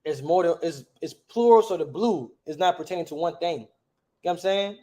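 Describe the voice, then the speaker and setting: A man's voice: a little high, lively intonation, fairly quick, dark tone. A man teaching a class in a casual, slangy way, often checking with the students by asking "right?". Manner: slangy, conversational.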